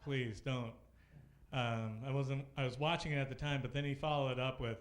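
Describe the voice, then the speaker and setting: A young man doing casual, deadpan stand-up storytelling on a comedy club stage, then introducing the next act. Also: mid-range voice, moderate pace.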